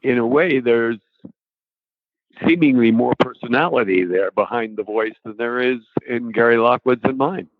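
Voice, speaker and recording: Recalling his acting work as an interview guest, an older man speaks haltingly, full of ums and restarts. His voice is mid-range at a moderate pace, and the audio is dry, narrow, and tinny.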